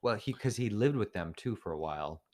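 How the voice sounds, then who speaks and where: A man's voice: lowish voice, lively intonation, brisk, darkish tone. A man co-hosting a podcast, adding short, dry comments to a casual film chat. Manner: brief, dry interjections. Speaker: podcast co-host.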